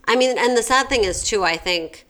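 A woman with a bright, forceful voice talks in casual chat on a podcast. She speaks animatedly, slips into quoted voices and scatters "like" through her sentences. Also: a little high, moderate pace. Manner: animated, acts out quotes, frequent "like". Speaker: podcast co-host or guest.

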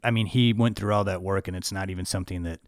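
A young adult man hosting a casual film discussion, speaking in a measured way with many fillers. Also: low voice, steady tone, dry recording, studio quality. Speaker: podcast host.

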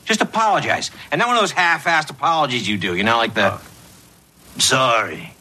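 A man's voice: a little high, very animated, fast talker, bright, forceful tone, husky, exaggerated voice. An actor playing a blunt buddy who teases his friend in casual banter. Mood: teasing. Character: blunt male buddy, adult, teasing.

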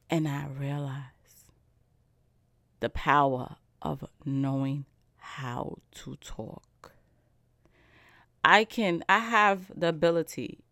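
A young woman talks through a casual solo podcast. She is animated and slangy, driving her points home with repeated "okay?" over a dry, close sound. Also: low voice, creaky, no echo. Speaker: podcast host.

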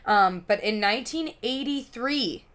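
A woman's voice: on the high side, expressive, measured pace, fairly bright tone. A woman co-hosting a podcast, casually retelling a story with lots of swearing, fillers and laughter. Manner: profane, giggly, rambling storyteller. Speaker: podcast co-host.

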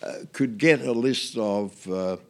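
An older Australian man, a guest in an interview, telling anecdotes in a relaxed way with many fillers and restarts. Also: mid-range voice, takes it slowly.

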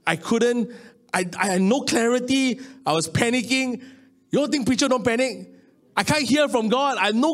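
A man in his late thirties, Singaporean English accent, delivers a sermon with a fairly high voice. He tells stories from his own life, dropping low and quiet, then climbing up again. His preaching is lively and personal. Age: 30s. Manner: storytelling, swinging between hushed low lines and raised excited ones. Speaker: pastor.

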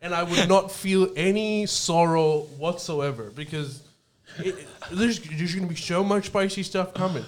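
A man's voice: high-pitched, unhurried. A man from Pakistan co-hosting a podcast in laid-back, teasing casual chat. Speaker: podcast co-host.

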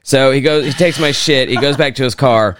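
A man's voice: medium pitch, brisk, fairly bright tone, a little hiss or hum. A man co-hosting a podcast, telling a profane story with lots of energy in casual chat. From Kansas, USA. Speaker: podcast co-host.

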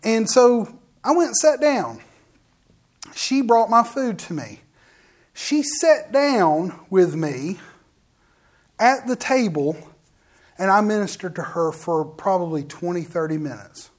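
A middle-aged preacher is in full storytelling flow. The preacher speaks in the middle pitch range and talks straight to the congregation. Lively asides keep breaking into the story, and sentences often restart halfway. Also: takes it slowly, long pauses. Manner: addresses the audience directly with asides. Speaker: minister. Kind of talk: sermon testimony to a congregation.

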